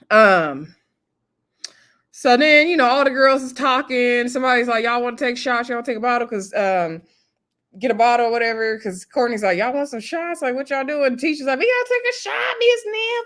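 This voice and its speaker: A woman's voice: on the high side, a bit bright. Chatty woman recapping a reality show. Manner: chatty, laughs often, acts out cast members' lines. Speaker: TV show reviewer. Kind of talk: casual recap commentary.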